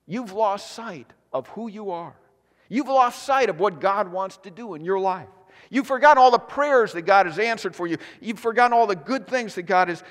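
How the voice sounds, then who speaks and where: Male pastor, high and expressive delivery, conversational sermon, reverberant sanctuary. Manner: animated, conversational preaching with restarts. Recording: long hall reverb.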